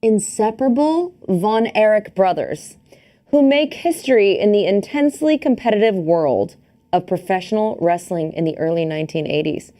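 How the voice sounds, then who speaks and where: A woman's voice: medium pitch, lively intonation, moderate pace, dark tone. A woman co-hosting a podcast in casual, playful chat, laughing often. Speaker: podcast co-host.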